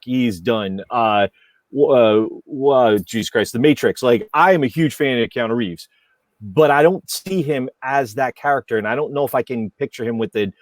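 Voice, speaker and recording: A man's voice: mid-range voice, no room sound. A man giving blunt, emphatic opinions as a panelist in a casual podcast chat.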